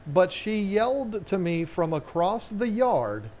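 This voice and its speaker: A man's voice: high voice, big pitch swings, slow, a little mellow, a little hiss or hum. A middle-aged man co-hosting a casual live stream with his wife, joking and rambling. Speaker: co-host.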